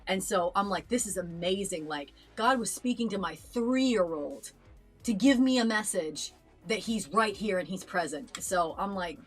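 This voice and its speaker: A woman's voice: medium pitch, animated, a little slow, breathy edge, soft background music. A young adult woman co-hosting a reaction show, telling a personal story in an earnest, chatty way with lots of fillers and restarts. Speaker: reaction channel co-host. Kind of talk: casual chat.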